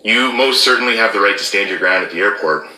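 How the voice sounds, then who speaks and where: A man's voice: fairly low pitch, fast talker, sharp tone, echoey room, poor audio. A man explaining rules in an emphatic commentary, stressing key words and checking in with "okay?". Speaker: former border officer commentator.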